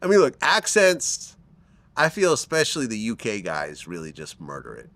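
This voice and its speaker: A man host questioning his guest conversationally, his pitch moving up and down a lot. The sound is dry and close to the microphone. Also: wildly swooping pitch, moderate pace, fairly bright tone, dry recording. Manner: conversational, asks probing questions. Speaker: interview host. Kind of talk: casual interview chat.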